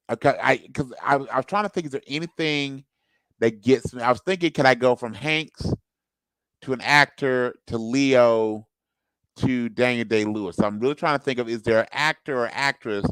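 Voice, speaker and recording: A man's voice: mid-range voice, a bit bright, smooth, no room sound, poor audio. A man co-hosting a casual podcast, who thinks aloud with restarts and upbeat asides. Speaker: co-host.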